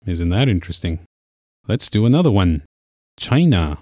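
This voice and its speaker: A man's voice: sits low, big pitch swings, normal speed, a little mellow, dry recording, studio quality. A man teaching a podcast language lesson, explaining patiently step by step.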